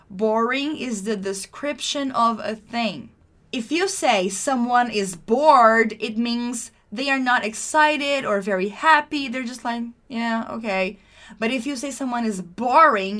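A woman's voice: a little high, fairly bright tone. A woman teaching English, explaining a class dialogue patiently and repeating key phrases for learners.

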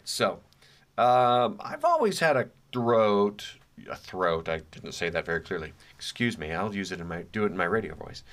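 A middle-aged man with a fairly low voice talks casually and reflectively, as if in conversation with listeners. He drops in dry, self-mocking asides between his thoughts. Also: fairly bright tone. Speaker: podcast host. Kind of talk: casual monologue.

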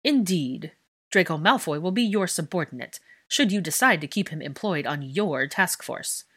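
A woman voicing an arrogant, brusque middle-aged male official, speaking slowly and clipped. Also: lowish voice, animated, fairly bright tone, slightly rough.

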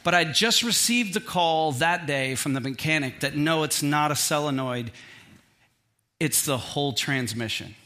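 A middle-aged male pastor preaching a sermon, telling a personal story in an animated, self-deprecating, humorous way. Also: fairly high pitch, a little slow.

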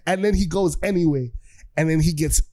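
A young man hosting a casual podcast, retelling comic-book plots in a lively, profane way and slipping into quick character voices. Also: fairly high pitch, no echo. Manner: animated, profane storytelling full of quick character impressions. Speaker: podcast host.

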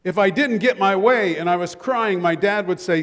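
High-voiced older pastor in a reverberant church. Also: male voice, moderate pace, fairly bright tone. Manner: humorous storytelling with the congregation. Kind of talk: sermon. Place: church sanctuary.

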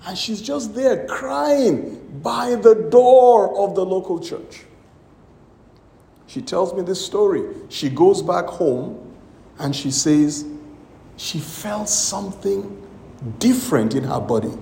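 A man preaching a sermon in a high, lively voice that rises and falls with every phrase. He takes his time, drawing out each line and acting out the people in his stories. The room around him rings with echo. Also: takes it slowly, creaky. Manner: storytelling with acted-out quotes, emphatic preaching. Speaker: pastor.

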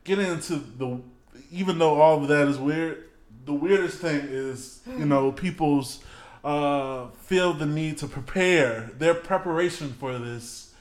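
A man's voice: a little high, unhurried, roomy sound. A man co-hosting a casual chat, rambling with many fillers and laughing easily.

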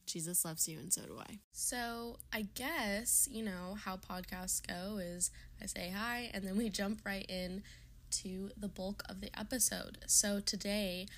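A woman's voice: medium pitch, a little slow, a bit bright. A woman in her early twenties hosting her own podcast, talking in an earnest, chatty way with plenty of fillers. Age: 20s. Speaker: podcast host. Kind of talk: casual podcast monologue.

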